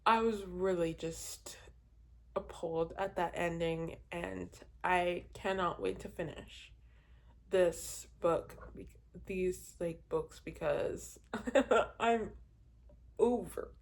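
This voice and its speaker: A woman's voice: lowish voice, slow, gravelly. A young woman chatting casually as a book vlogger, rambling with many fillers and laughs, and easily exasperated. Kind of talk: casual reading wrap-up chat.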